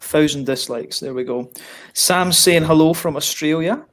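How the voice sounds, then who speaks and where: Chatty, swearing stream host, upbeat pitch. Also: male voice, normal speed. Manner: banters, swears, reads out viewer comments. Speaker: livestream host. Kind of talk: casual chat. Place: home, living in Sweden.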